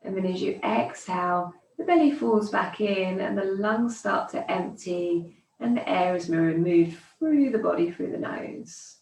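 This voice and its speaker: A woman teaching yoga, guiding slow breathing with calm, soothing counting cues. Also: mid-range voice, vocal fry. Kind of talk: guided breathing instruction. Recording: echoey room, distant mic.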